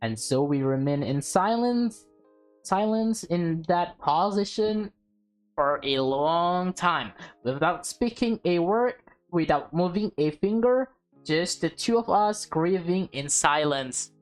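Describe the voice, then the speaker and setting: A woman's voice: fairly low pitch, lively intonation, slow, faint music behind. A young woman streaming a visual novel, reading it aloud and reacting emotionally with laughs. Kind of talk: casual let's-play reading and reactions.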